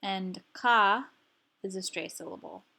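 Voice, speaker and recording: Slow, careful woman teaching pronunciation. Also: medium pitch, gravelly, bright, forceful tone. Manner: slow, careful, repeats each word for learners. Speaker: language teacher. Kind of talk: slow instructional explanation.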